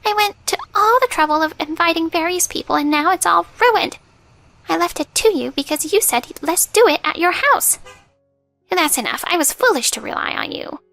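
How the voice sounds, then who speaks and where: A blunt, straightforward middle-aged woman who talks firmly and directly, as a woman reading the story puts her on. Her voice sits fairly high. Faint music plays underneath. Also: very animated, moderate pace, a bit bright, breathy edge, heavily acted. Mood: exasperated.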